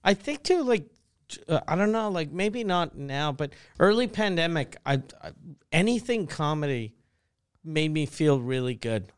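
Wisecracking man with a clear voice. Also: fairly high pitch, animated, normal speed. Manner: wisecracking, profane. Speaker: podcast co-host. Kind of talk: casual comedy chat.

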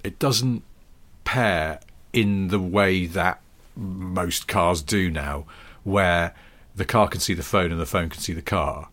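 A man's voice: low voice, slow, a bit bright. A man co-hosting a podcast, chatting casually in a wry, rambling, drily jokey way. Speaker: podcast co-host. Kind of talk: casual chat.

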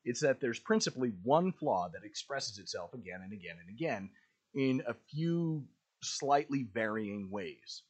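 A man hosting a podcast in casual commentary, who clears his throat often and wanders into asides while reading a speech aloud. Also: mid-range voice, animated, normal speed. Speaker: podcast host.

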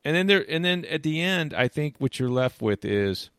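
A man's voice: fairly high pitch, animated, normal speed, a bit bright, dry recording, clean studio sound. A man talking casually about sports, rambling with many restarts and "you know"s, and retelling game moments with animation. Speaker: sports commentator. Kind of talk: casual chat.

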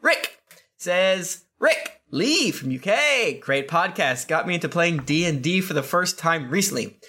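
A man's voice: on the high side, animated, a little slow, pushed and bright. A man co-hosting a podcast, reading listener reviews aloud with playful, jokey asides.

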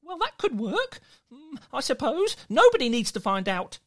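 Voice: huge pitch swings, normal speed, no echo, studio quality. A storyteller voicing a tiny, nervous boy from a hidden little folk in a children's story, stammering and anxious. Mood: wary. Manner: stammering, anxious, high and breathless.

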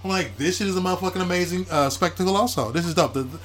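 A man with a notably high voice who talks very fast. He swears freely and keeps cutting across his co-host in loose, animated banter. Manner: profane, animated, talks over others. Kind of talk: casual chat.

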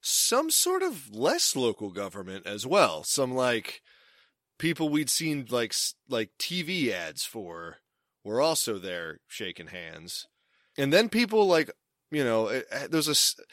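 A man's voice: mid-range voice, wildly swooping pitch, moderate pace, fairly bright tone, dry recording, studio quality. A young man telling a casual, rambling story, often stopping and restarting mid-sentence. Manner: rambling, self-interrupting storyteller.

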